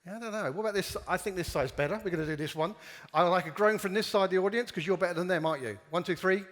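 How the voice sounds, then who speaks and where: A man's voice: high-pitched, racing, fairly bright tone. Man, conference speaker, playful, joking, audience games, lingering hall echo. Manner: playful, jokey, drives audience participation. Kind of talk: lively conference talk. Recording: long hall reverb.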